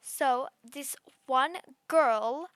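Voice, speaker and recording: A woman's voice: sits high, drawn-out words, a bit bright, no room sound, heavily acted. A woman voicing a rude, bratty girl under ten who rambles smugly through her story with constant fillers. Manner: smug, gleeful. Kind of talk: voice role-play storytime.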